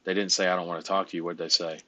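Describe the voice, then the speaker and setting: Male business coach, low voice, blunt and joking, dry close recording. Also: level tone, very fast, sharp tone, dry recording. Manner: blunt, joking, swears casually. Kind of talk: casual coaching call.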